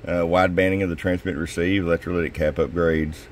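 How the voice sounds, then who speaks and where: A man with a slightly hoarse voice, casually walking through a demo at his radio workbench, dropping in fillers and a tag of "okay?". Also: low voice, flat delivery, fairly quick, a little hiss or hum. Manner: casual, folksy, drops in "okay?" and "uh". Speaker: CB radio shop technician. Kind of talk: casual product demo narration.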